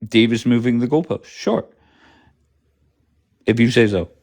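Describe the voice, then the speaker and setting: A man's voice: mid-range voice, measured pace, a little mellow. A man hosting a live stream, talking casually with heavy swearing and a combative, sarcastic manner. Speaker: livestream host. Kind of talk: casual profane livestream chat.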